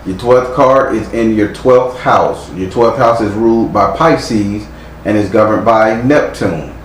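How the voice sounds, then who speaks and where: A man's voice: on the low side, measured pace. A man giving a live tarot reading, speaking bluntly and sternly with frequent profanity. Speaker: tarot reader. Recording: echoey room with faint noise.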